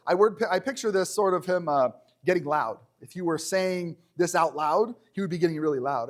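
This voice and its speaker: A man preaching a conversational sermon in a church, animated and joking, slowing down when he reads scripture. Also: a little high.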